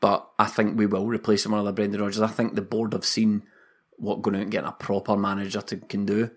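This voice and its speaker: A man's voice: fairly low pitch, flat delivery, quick pace. A Scottish man co-hosting a football podcast, talking casually with frequent restarts and laughter. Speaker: podcast co-host.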